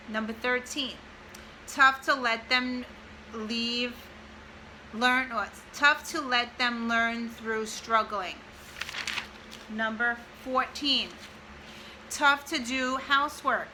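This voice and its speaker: A woman in her forties, a mother, reads an old handwritten list aloud, speaking slowly and crying at moments. Her voice sits high and sounds very bright. A faint hiss sits under the recording. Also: rough recording. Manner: tearful, pausing to compose herself. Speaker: mother of triplets reading her old notes. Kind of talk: casual vlog, reading a list aloud.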